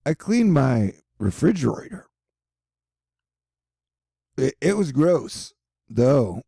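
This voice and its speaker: A man's voice: mid-range voice, very animated, slow pace, vocal fry, mellow, slightly rough, dry recording, studio quality. A young man rambling sarcastically in a casual vlog from his apartment. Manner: rambling, sarcastic, self-mocking. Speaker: vlogger.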